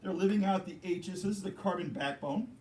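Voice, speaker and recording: High-voiced, playful male teacher in class. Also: a little fast, a little mellow. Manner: playful, joking with students. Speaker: chemistry teacher. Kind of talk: classroom lecture.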